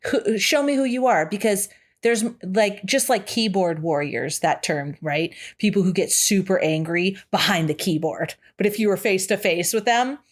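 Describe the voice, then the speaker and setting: A woman's voice: medium pitch, moderate pace. A woman co-hosting a podcast, chatting casually about a horror film. She swears freely and breaks into laughter often. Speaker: podcast co-host. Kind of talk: casual chat.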